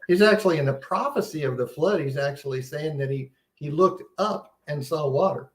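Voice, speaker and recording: In a reverberant room, a seminar presenter delivers a relaxed yet earnest Bible talk in a fairly high voice at a moderate pace. He teaches conversationally, often restarting his sentences, with an air of wonder.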